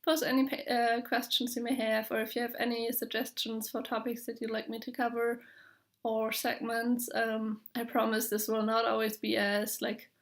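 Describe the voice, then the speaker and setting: Young german woman rambling on her podcast, lotsa ums, voice a bit high. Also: level tone, moderate pace. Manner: hesitant, full of fillers, light laughs. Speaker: podcast host. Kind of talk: casual video podcast chat.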